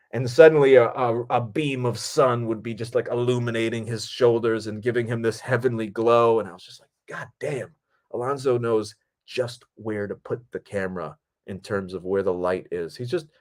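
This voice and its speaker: A man, a film director hosting his own podcast, telling behind-the-scenes stories in a casual, animated and profane way. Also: mid-range voice. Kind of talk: casual storytelling.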